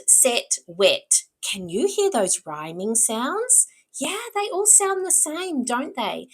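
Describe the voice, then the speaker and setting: A woman explaining early reading skills to parents, patient and encouraging, slowly modelling words and sounds. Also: lowish voice, a bit bright, low-quality recording. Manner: encouraging, teacherly. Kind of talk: instructional talk to parents.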